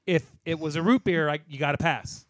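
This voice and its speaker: A man's voice: on the high side, fairly quick, a bit bright, dry recording, studio quality. A man co-hosting a casual podcast chat, swearing and bursting into mock outrage.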